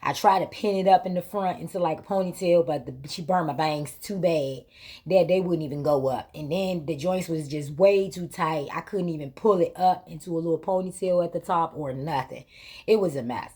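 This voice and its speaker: Hosting her vlog, a woman with a low-pitched, slightly rough voice talks at normal speed. She recounts a story colloquially, using vernacular grammar, stressing things through repetition and animated quoted dialogue.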